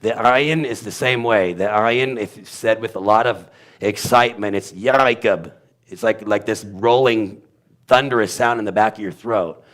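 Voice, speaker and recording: Guy with a lowish voice explaining hebrew letters, says sounds out loud, rambles a bit. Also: moderate pace. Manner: demonstrates sounds aloud, rambling with asides. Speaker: Bible teacher. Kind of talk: informal teaching on Hebrew pronunciation.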